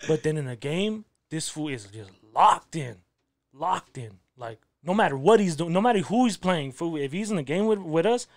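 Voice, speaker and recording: A man's voice: a little high, animated, normal speed. A man hosting a casual podcast, laid-back and slangy with many filler words. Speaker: podcast host.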